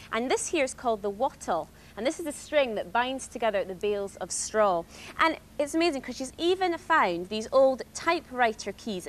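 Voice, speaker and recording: A woman's voice: sits high, fairly bright tone, a little hiss or hum. A woman presenting a children's TV show, recorded outdoors in a garden, bubbly and enthusiastic.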